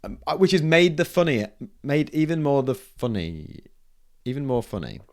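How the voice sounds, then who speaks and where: A man's voice: a little high, sing-song, normal speed. Giggly man recapping a manga. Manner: laughing often, acting out characters' lines in bursts. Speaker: podcast co-host. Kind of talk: casual chat about manga.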